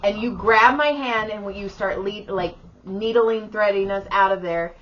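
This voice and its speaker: A woman co-host tells a story with a bright, ringing voice. She throws herself into quoted lines. The audio is somewhat muffled and lo-fi. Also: medium pitch, measured pace. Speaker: podcast co-host. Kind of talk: casual storytelling chat.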